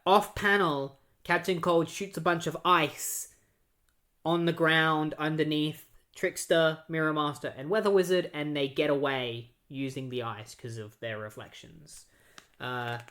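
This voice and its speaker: A casual podcast host recapping a comic storyline, rambling with lots of "like" and "uh". Mid-pitched, with an even, everyday delivery that keeps dipping into quick character voices. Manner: rambling, filler-heavy, breaks into quoted voices.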